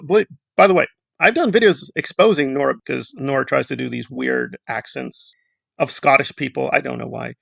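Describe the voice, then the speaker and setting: A man's voice: fairly high pitch, gravelly, a bit bright, no echo. A man from Central America giving a rambling, sarcastic commentary monologue with mocking asides. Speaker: commentary YouTuber.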